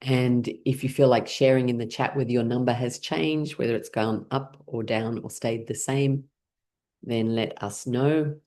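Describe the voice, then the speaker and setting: A woman's voice: rumbling low, steady tone, a little slow, warm tone. A woman teaching an online laughter class, guiding playful pretend scenes and breaking into frequent bursts of laughter. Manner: playful, leading imaginary scenarios.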